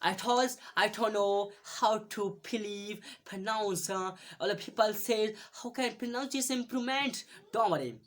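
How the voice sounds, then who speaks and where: A woman teaching English pronunciation in a casual video lesson, halting, repeating each word many times, with frequent fillers. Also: medium pitch.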